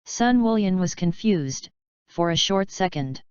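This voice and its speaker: A woman narrating a fanfiction audiobook in an even, steady reading. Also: mid-range voice, unhurried, smooth, dry recording, dull audio.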